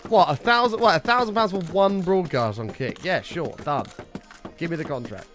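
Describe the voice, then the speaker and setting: A man's voice: fairly high pitch, moderate pace, a bit bright, faint music behind. A British man chatting live to his stream viewers, ranting heatedly and swearing often. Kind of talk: casual live-stream chat.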